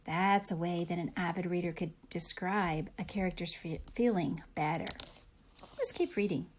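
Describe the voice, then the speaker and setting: A young woman teacher reading a picture book aloud to young children, pausing to ask gentle questions. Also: lowish voice. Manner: gentle, animated storybook reading with questions to kids.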